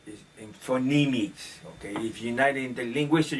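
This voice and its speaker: A man's voice: mid-range voice, normal speed, a little hiss or hum. Opinionated man rambling off-mic. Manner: opinionated, rambling, with filler restarts. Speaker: commentator. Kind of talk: casual monologue on current events. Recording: distant mic, faint room ambience.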